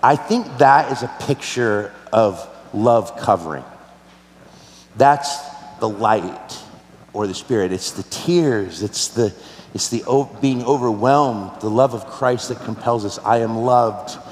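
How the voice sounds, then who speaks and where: A man's voice: mid-range voice, takes it slowly. Male pastor, earnest, personal sermon delivery, preaching in a big roomy church with long reverb. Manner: earnest, personal storytelling with rhetorical questions. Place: large church hall.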